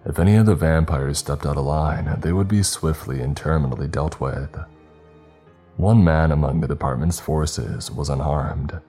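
Guy telling a spooky story, super deep dark voice, faint music behind. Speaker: narrator. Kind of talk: first-person horror story narration.

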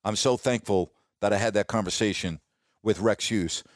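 A man's voice: moderate pace, no room sound. Reminiscing middle-aged male sportscaster, dry sound. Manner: warm, reminiscing, quotes others in a lowered voice. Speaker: sports broadcaster, podcast host. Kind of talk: casual storytelling monologue.

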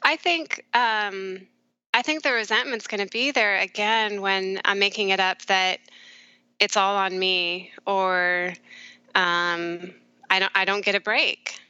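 A middle-aged woman, a therapist guest, speaking candidly and reflectively in a conversational interview, with soft laughs along the way. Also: medium pitch, fairly even intonation, slow, clear, resonant tone, no echo, highs cut off. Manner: warm, reflective, often laughing softly.

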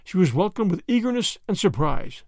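Expressive high-voiced male storyteller. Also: brisk, no echo, studio quality. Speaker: narrator. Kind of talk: scripted storybook narration.

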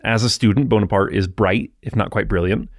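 A man hosting a history podcast, narrating in a relaxed, explanatory way with asides to the listener. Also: lowish voice, brisk, no echo, clean studio sound.

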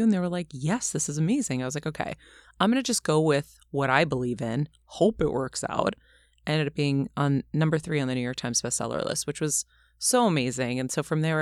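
A woman with a low, grounded voice talks as an interview guest, animated and quick to act out what people said. The recording is dry and close, with no room sound around her. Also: no echo. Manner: animated storyteller, acts out quotes. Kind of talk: casual interview talk.

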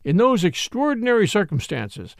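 A man narrating a mystery story aloud in an expressive storytelling style. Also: high-pitched, normal speed, creaky, dry recording, studio quality. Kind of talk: scripted audiobook narration.

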